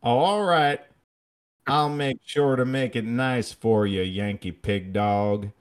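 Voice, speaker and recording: A man voicing a mocking male college professor who talks with a slow drawl. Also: mid-range voice, smooth, pitched above the performer's own voice, natural voice.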